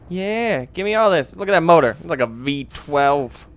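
A gamer gives goofy, mildly crude commentary while playing a video game. His voice is on the high side and expressive, a little fast with hardly any pauses. The recording is noisy, with game sound in the background.

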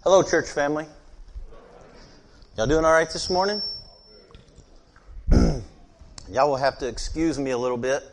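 A man's voice: a little high, unhurried, pauses often. An American man preaching a sermon to his congregation, stuffy and scratchy-throated from a cold, folksy and chatty, asking the room questions. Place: church sanctuary.

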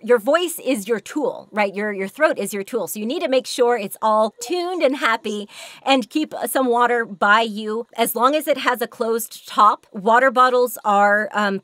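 A hoarse woman giving a chatty workshop talk on voice acting, laughing often as she goes. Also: on the high side, fairly bright tone, dry recording. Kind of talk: workshop presentation.

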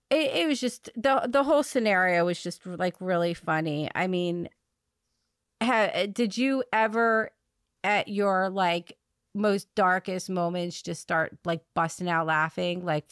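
Woman host, rambling storyteller, laughs at dark jokes, dry close sound. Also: on the low side, no echo. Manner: rambling, many fillers and restarts, laughs through dark humor. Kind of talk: casual conversational storytelling.

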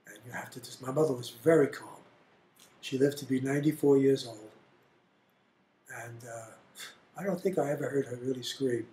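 A man's voice: mid-range voice, normal speed, pauses often. Blunt older man telling stories, roomy. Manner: animated, blunt storyteller. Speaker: interviewee. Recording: roomy echo.

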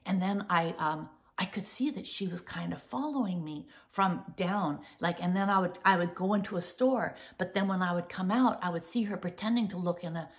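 Middle-aged lady vlogging, rambly storytelling, mid pitch, jumps loud on the quotes. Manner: breathless, restarts often, acts out quotes. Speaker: vlog host. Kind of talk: casual storytelling to viewers.

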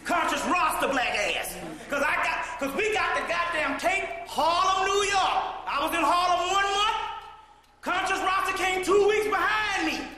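Male lecturer, sharp bright tone, long hall reverb, loud profane storytelling. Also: very high voice, a little hiss or hum. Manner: animated, profane, bursts into shouting and laughter. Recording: echoey hall recording.

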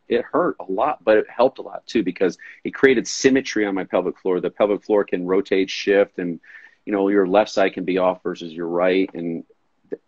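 A low-voiced, husky man chatting casually on a live stream, dry and close, sound a bit dull and lo-fi. He tells stories with lively quoted voices and jokes along the way. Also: no room sound. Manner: storytelling, animated quoted voices, joking. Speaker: guest, fitness coach. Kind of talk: casual chat on a live video call. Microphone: live stream audio.

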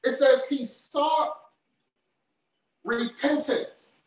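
A male preacher delivers a sermon at an unhurried, deliberate pace, hammering home each point and repeating phrases for weight. He sounds as if picked up from far off in a big, very echoey church hall. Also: very high-pitched, fairly even intonation. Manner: emphatic, repeats key phrases.

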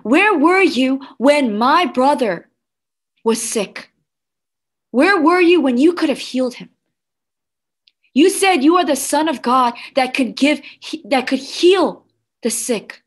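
A woman's voice: sits high, expressive, slow pace, long pauses. A woman voicing a grieving woman who pleads and accuses in repeated questions, told as a story for children. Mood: accusing grief.

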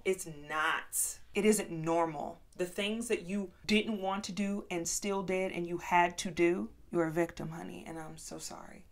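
A woman vlogger telling a personal story and giving commentary in a blunt, profane, emphatic way, swinging from hushed to loud. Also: mid-range voice. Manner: switches between hushed and loud emphatic delivery.

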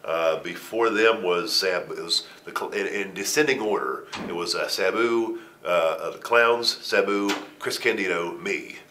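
A man's voice: sits low, unhurried, few pauses, bright, forceful tone, a little hiss or hum. A middle-aged man in an interview, telling a story in a casual way with a lot of swearing, laughter and stammered restarts. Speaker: interview guest, wrestler.

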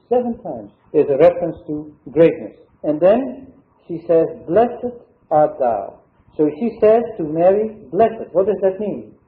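Bible teacher man, echoey tinny recording. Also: fairly high pitch. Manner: measured, explanatory, with frequent "uh" pauses. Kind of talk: Bible study lecture. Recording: echoey room over a thin phone-like line.

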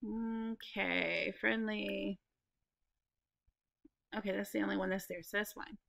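Chatty, gravelly-voiced woman gamer. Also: mid-range voice, steady tone, takes it slowly, fairly bright tone. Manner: chatty, swears a lot, laughs often, talks to the game. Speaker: gaming YouTuber. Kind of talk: casual let's play commentary.

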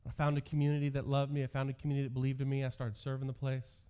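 A man's voice: medium pitch, monotone, rapid-fire, mellow, smooth. A pastor in his thirties delivers a sermon in an ordinary mid-range male voice. He tells stories from his own youth and pokes fun at himself as he goes. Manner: storytelling with self-deprecating humor.

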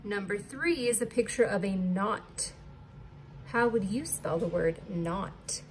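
A woman's voice: mid-range voice, slow pace, slight background noise. A woman teacher leading a recorded distance-learning lesson, patiently spelling words letter by letter.

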